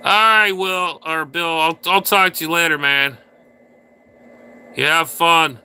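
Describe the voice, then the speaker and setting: A man's voice: a little high, fairly even intonation, takes it slowly, pushed and bright, smooth. Crude ranting male livestream host. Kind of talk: casual livestream chat with viewers.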